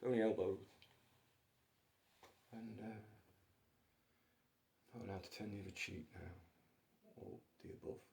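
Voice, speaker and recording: A man's voice: lowish voice, steady tone, slow pace, creaky, long pauses, darkish tone, a little hiss or hum. A man hosting his own channel, talking in a rambling, jokey solo monologue that wanders from one story to the next. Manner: digressive, jokey, wandering between stories.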